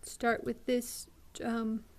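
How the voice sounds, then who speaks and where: A woman hosting a beading tutorial, explaining each step patiently with frequent ums and pauses. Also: fairly high pitch, completely flat delivery.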